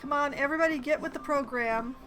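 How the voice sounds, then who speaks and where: Woman streamer rambling over her game, high voice, kinda hesitant, soft music behind. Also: fast. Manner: chatty, hesitant, self-deprecating. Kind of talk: casual gameplay commentary.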